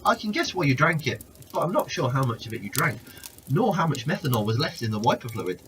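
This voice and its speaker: A man's voice: medium pitch, sing-song, brisk, a bit bright, a little hiss or hum. A man voicing Nathan, a wry talking snake. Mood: explaining. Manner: patient, explaining and dryly joking. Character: calm, wry talking rattlesnake who grants wishes.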